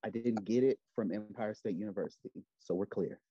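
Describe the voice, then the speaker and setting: A man's voice: on the low side, fairly quick, dark tone, husky, no room sound. A man co-hosting a comedic podcast, teasing and boasting in mock pride. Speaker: podcast co-host. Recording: dull lo-fi mic.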